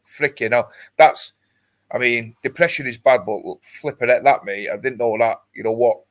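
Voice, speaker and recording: A man's voice: mid-range voice, moderate pace. A man hosting a casual livestream, chatting with many fillers and reading out viewer comments. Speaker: livestream host. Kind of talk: casual chat.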